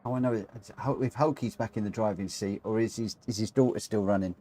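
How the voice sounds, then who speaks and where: Hosting a gaming livestream from his home desk mic, this man delivers excitable, giggly live commentary while chatting with viewers. His voice sits on the low side, and he talks fast.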